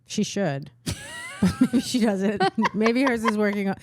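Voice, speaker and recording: A woman from New York talking in a deadpan way with dark humor as a comedian guest in a casual chat. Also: medium pitch, unhurried, slight background noise. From the Bronx, New York.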